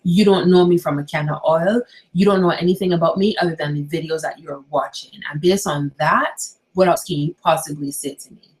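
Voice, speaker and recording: A young woman talks to her viewers in a casual, animated vlog recorded in her bedroom at night. Her voice sits a little low for a woman, and she keeps tossing rhetorical questions at her audience. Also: brisk, rough recording. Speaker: YouTuber.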